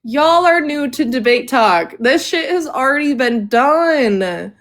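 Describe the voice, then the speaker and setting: A woman's voice: high voice, animated, slow pace, a bit bright. A woman panelist in a casual chat who speaks hesitantly, stammering and restarting her sentences.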